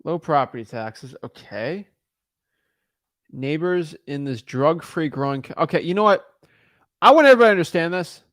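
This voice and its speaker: A man who wholesales real estate, talking casually between cold calls in an animated rant and stumbling over repeated words when he gets worked up. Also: on the high side, moderate pace, pauses often, no echo, studio quality.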